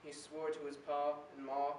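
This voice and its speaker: This teen slam poet has a slightly high, monotone voice with a somewhat mellow quality, moving at a moderate pace. He delivers his spoken word piece earnestly and rhythmically. It was recorded in an indoor performance room from a distant mic, roomy with light hiss.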